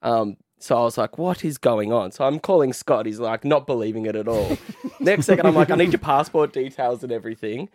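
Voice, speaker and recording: A young Australian man, a guest in a radio studio, telling stories in a relaxed manner, often laughing. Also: mid-range voice, a little fast, dry recording. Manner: laid-back, laughing storyteller. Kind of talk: casual radio chat.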